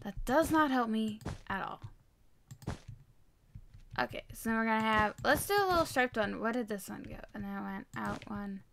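A woman giving casual gameplay commentary while she builds, excitable and rambling, poking fun at herself. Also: fairly high pitch, moderate pace, vocal fry, a little hiss or hum. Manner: excitable, rambling, self-mocking. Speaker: Minecraft video creator.

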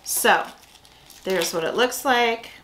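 A woman's voice: mid-range voice, slow pace, fairly bright tone, slight background noise, poor audio. A woman hosting a casual snack review, chatty and full of fillers as she thinks aloud. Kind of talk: casual food review chat.

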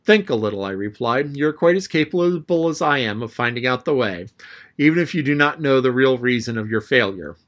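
A man reading a classic adventure novel aloud as an audiobook narrator, telling the story in a lively way. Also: brisk. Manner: lively storytelling, raising his pitch for the boy's lines.

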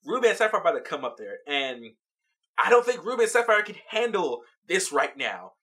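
Picture a vlog host talking through a cartoon episode they just watched. The pitch swings widely as the story builds, and the tone stays bright and forward. They laugh often and keep the recap loose and chatty. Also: sing-song, fairly quick.

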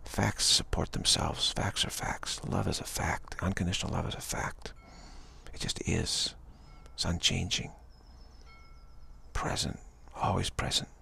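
A man giving a rambling, gentle spiritual talk, full of repeated phrases and "you know.". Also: deep voice, steady tone, a little slow, creaky, a little hiss or hum. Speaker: spiritual speaker.

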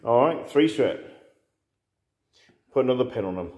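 A man who hosts a tabletop wargame in casual chat, laughs often and curses his dice out loud. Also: mid-range voice, animated, normal speed. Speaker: wargame player and host. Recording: echoey room.

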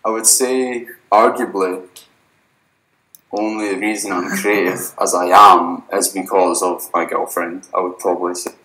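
A man's voice: deep voice, level tone, unhurried, bright, forceful tone. A young man, chatting casually as a podcast guest in a rambling, laid-back way that is full of swearing. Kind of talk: casual chat. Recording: echoey room.

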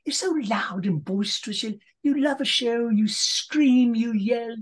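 An older man putting on the voice of a gushing young English stage actress, excited and bubbly. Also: fairly high pitch, slightly rough, voice pushed up. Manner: excited, bubbly, rapid praise.

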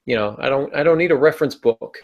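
A man's voice: medium pitch, fast talker, creaky, muffled recording. A man co-hosting a podcast on fiction writing, chatty and laid-back in his delivery. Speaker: podcast co-host. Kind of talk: casual podcast discussion on writing.

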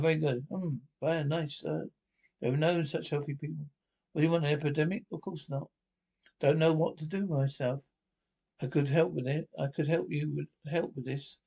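A man reading a comedy film script aloud, voicing several characters in quick back-and-forth exchanges. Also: on the high side, creaky, darkish tone, husky.

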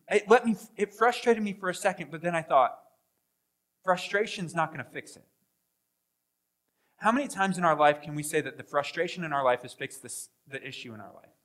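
Animated, bright-voiced preacher. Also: male voice, high-pitched. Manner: animated, acts out voices and jumps between loud and hushed. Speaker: pastor. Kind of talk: sermon. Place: church sanctuary.

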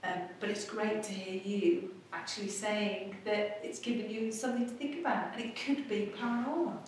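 A woman presenting a ghost-hunting show, talking excitedly on location. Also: mid-range voice, normal speed. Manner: excitable, gasping, animated. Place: dark old building at night. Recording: echoey, distant, noisy location audio.

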